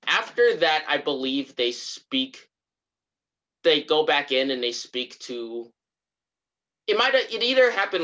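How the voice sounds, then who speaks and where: Animated, bright-voiced male podcast co-host. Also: a little high, muffled recording. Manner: animated storytelling, acts out characters' lines. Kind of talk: casual chat recapping a TV episode.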